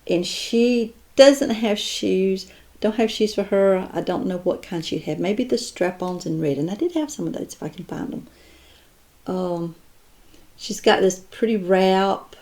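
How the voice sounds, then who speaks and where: A woman's voice: medium pitch, unhurried, darkish tone. A woman chatting casually as she shows off her doll collection, admiring each piece and thinking aloud. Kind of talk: casual unboxing chat.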